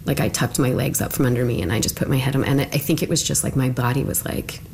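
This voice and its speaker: A woman in her thirties recounting a personal ordeal in an interview, halting and full of "like". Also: extremely low pitch, steady tone, gravelly, darkish tone, slight background noise. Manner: halting, lots of "like", quoting others in small voices.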